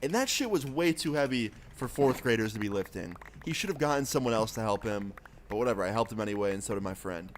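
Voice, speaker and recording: A young adult man streamer telling a story in a casual, profane, animated way, with a noisy background of keyboard clicks. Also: fairly low pitch, fast talker.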